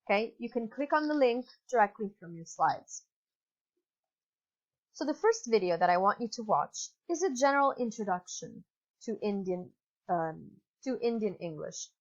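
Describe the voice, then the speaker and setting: Speaking at a moderate pace with a medium, expressive pitch, an Italian-accented English teacher patiently instructs in a recorded online lesson. She uses fillers and corrects herself, and the dull lo-fi computer mic flattens the sound.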